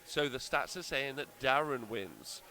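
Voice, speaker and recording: A man's voice: medium pitch, lively intonation, a little slow, bright, forceful tone. A man hosting casual live-stream commentary at a tournament venue, rambling and blunt with casual swearing.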